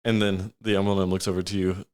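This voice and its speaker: A man narrating as game master, relaxed and often laughing. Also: deep voice, quick pace.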